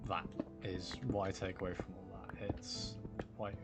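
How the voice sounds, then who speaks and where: Low-voiced British man streaming a game. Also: completely flat delivery, measured pace. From United Kingdom. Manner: rambling, reassuring, greets chatters by name. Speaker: livestreamer. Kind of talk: casual live-stream chat with viewers. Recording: music playing behind the voice.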